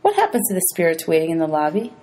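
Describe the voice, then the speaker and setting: A woman voicing a quick teenage girl. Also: lowish voice, wildly swooping pitch, warm tone. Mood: questioning. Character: sharp-minded teenage girl.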